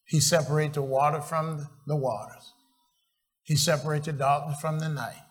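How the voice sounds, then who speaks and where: A man's voice: fairly high pitch, steady tone. A man preaching a sermon, quizzing the congregation with questions and often restarting his phrases. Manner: call-and-response questions to the congregation; slow, halting, repeats and restarts phrases. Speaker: pastor.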